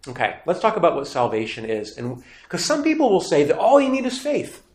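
A man's voice: on the high side, very animated, brisk, a little mellow. A man, a priest, teaching a scripture lesson in a conversational way and asking his class rhetorical questions. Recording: roomy echo.

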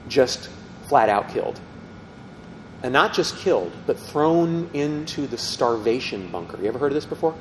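A man's voice: lively intonation, normal speed. Man telling a story in an echoing hall. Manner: conversational, asks the audience questions. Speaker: Catholic teacher. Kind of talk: storytelling talk to a group. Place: meeting room with tables. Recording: reverberant hall, faint rumble.

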